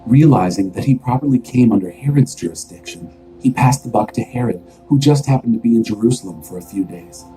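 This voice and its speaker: A man reading scripture aloud as an expressive, steadily told story, with faint music behind. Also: medium pitch, fairly quick, poor audio. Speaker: scripture reader.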